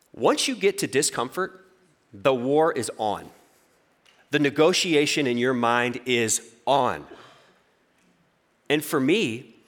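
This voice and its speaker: A pastor in his forties telling a personal story in a sermon, acting out the voices in his head with humor. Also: mid-range voice. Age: 40s. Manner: lively storytelling, acts out inner voices.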